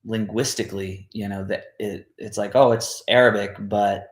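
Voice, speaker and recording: A man who grew up in Jordan, speaking as an interview guest in a hesitant way full of ums and pauses. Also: fairly low pitch, fairly even intonation, echoey room. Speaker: podcast guest, veteran and singer. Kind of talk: casual interview talk.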